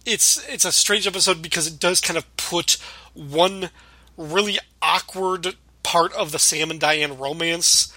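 A man hosting a podcast, chatting casually and retelling scenes in an animated way. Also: a little high, unhurried, no room sound. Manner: animated retelling, mimics lines. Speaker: podcast host. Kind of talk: casual chat.

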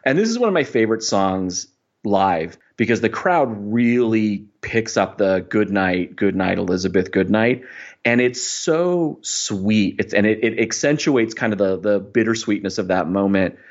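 A man's voice: fairly low pitch, lively intonation, measured pace, dull audio. A man hosting a podcast, talking about a favorite song in a reflective, rambling way with many fillers. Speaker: podcast host. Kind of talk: casual music discussion.

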